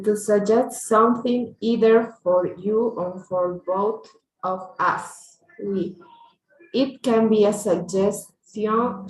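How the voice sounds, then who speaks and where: A woman learning English in an online lesson, reading aloud hesitantly with many fillers over a video call. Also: medium pitch. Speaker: English student. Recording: echoey, far from the mic.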